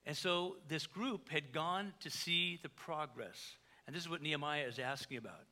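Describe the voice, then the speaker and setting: A man, a pastor, preaching a sermon in a conversational way, with joking asides and big swings between quiet and loud. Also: a little high, expressive, normal speed, hardly any pauses.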